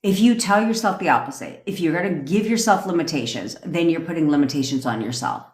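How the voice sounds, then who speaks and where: A woman's voice: low voice, animated, brisk. Profane, hyped-up woman coach in an echoey room. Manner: reads out and cheers viewer comments. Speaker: manifestation coach. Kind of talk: livestream rant.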